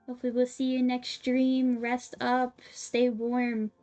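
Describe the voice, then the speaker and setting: Animated, high-voiced woman streamer. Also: measured pace. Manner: animated, filler-heavy, giggly. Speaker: livestream host. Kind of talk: casual storytelling on a livestream. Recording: slightly dull sound, faint music behind.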